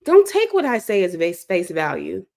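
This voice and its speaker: A woman's voice: medium pitch, wildly swooping pitch, normal speed, vocal fry, darkish tone. Emphatic woman from Chicago's South Side. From South Side of Chicago, USA. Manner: emphatic, preacher-like, repeats key phrases. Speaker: host and speaker. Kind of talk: impassioned monologue.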